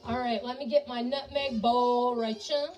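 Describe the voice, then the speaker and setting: Woman host, folksy kitchen chatter, somewhat high voice, mic set back, music behind. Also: fairly even intonation, normal speed, a little mellow, recorded from a distance, poor audio. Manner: folksy, talks to viewers as y'all. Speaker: home cook and ghost tour guide. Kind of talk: chatty cooking video. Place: home kitchen.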